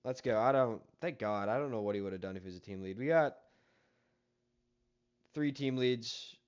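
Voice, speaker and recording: A man's voice: mid-range voice, moderate pace, clear, resonant tone, highs cut off. Exasperated man telling a story. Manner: exasperated, profane, rambling. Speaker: story-time vlogger. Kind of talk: casual storytelling.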